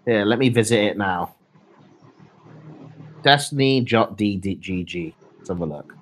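A man's voice: on the low side, a little slow. A young man streaming, chatting casually and reading his chat aloud in a laid-back, mumbling way.

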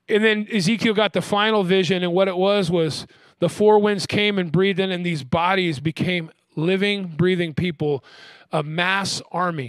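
A man preaching a sermon as pastor, asking the crowd "amen?" and slowing down to stress key words. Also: fairly high pitch, no room sound, studio quality. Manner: call-and-response preaching, frequent "amen?".

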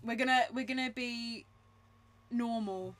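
A young woman co-hosting a let's-play, giggly, sweary and excitable. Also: on the high side, a little slow. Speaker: gaming co-host. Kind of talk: casual let's-play chat.

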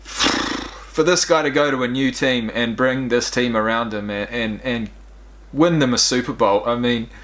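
A man's voice: mid-range voice, unhurried, fairly bright tone. A young man hosting a reaction video, talking straight to his viewers in a rambling, emotional way. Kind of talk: casual reaction commentary.

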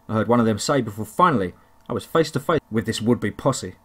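A man narrating a first-person horror story, telling it in a steady, deliberate way. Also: on the low side.

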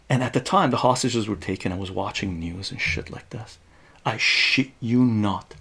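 A man, telling a story on a live stream in a casual, profane, animated way, often tagging his lines with "right?". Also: medium pitch, normal speed, gravelly, slightly rough. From Iran.

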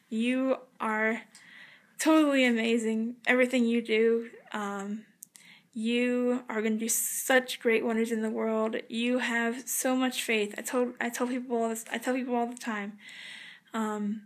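A young woman vlogging from a hotel room, speaking in a halting, earnest way with many pauses and restarts. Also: on the high side. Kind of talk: casual heartfelt address to camera.

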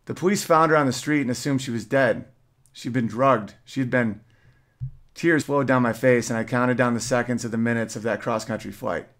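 Male host, mid-pitched, reads a personal story with earnest emotion. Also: normal speed, fairly bright tone. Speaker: podcast host. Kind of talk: reading a personal story aloud.

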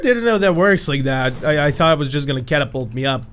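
A young man giving excited gameplay commentary, yelling at his character and then muttering to himself. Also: a little high, fast, heavy background noise. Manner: loud, shouts at his game character; animated, swings from yelling to muttering. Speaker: gaming YouTuber.

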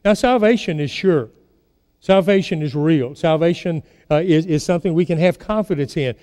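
A man's voice: on the high side, normal speed, dark tone, big-room sound. A man preaching a sermon as pastor, telling stories and putting questions to his congregation. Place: church sanctuary.

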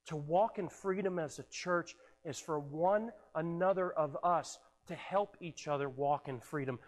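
Male pastor, high voice, earnest sermon delivery with repeated words, church hall with long reverb. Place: church sanctuary.

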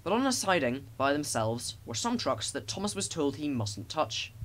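A man narrating a children's railway storybook in a gentle, expressive reading. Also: fairly high pitch, moderate pace. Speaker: audiobook narrator.

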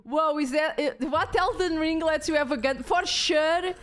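A woman live-streaming a horror game, with excitable, jokey commentary and plenty of swearing. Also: high voice, unhurried.

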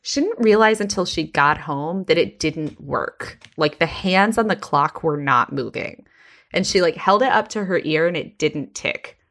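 A woman's voice: low-pitched, a little slow. A woman podcast host telling a story in casual chat, full of "like" fillers. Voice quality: frequent "like" fillers, animated retelling.

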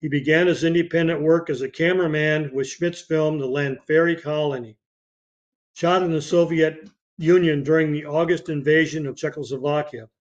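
A man hosting a podcast, reading obituaries with dates and film credits in a steady way, now and then slipping and starting a phrase again. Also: a little high, normal speed. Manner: reads dates and credits steadily, with occasional slips and restarts. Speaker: podcast host. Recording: dull lo-fi podcast audio.

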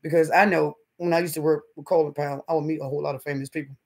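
Animated man hosting a livestream. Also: a little high, very fast, vocal fry. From North Carolina, US. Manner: animated storyteller, calls viewers honey and baby. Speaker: livestream host. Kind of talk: casual live-stream chat with viewers.

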